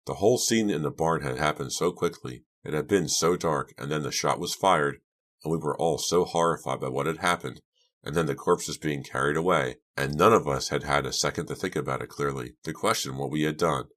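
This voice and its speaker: A man narrating a horror novel for an audiobook in a steady, measured way. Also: a bass voice. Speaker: audiobook reader. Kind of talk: scripted narration.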